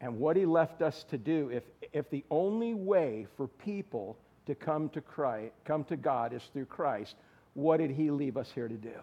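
A man with a fairly high voice delivers a sermon. He preaches with animated energy, swinging between loud emphasis and quiet asides, and calls on people by name to answer his questions. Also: a little slow, muffled recording. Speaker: pastor.

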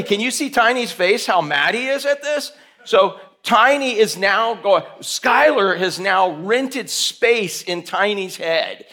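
A man preaching a sermon, running a hands-on demonstration with volunteers and firing questions at the congregation. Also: sits high. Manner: animated, coaxing volunteers, calling out questions to the room. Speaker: pastor.

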